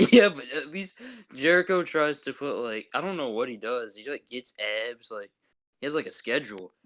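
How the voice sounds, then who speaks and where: A young man co-hosting a podcast, rambling through casual banter in a loose, joking way. His voice sits at a middling pitch, and the recording is dry and close. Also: normal speed, a bit bright, no room sound. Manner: laid-back, rambling, joking. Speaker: podcast co-host. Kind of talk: casual chat.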